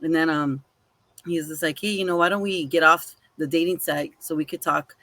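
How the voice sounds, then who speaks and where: A podcast co-host with a low-pitched voice tells a story at a normal pace in casual chat. She's animated, swears casually, and acts out both sides of the quoted dialogue.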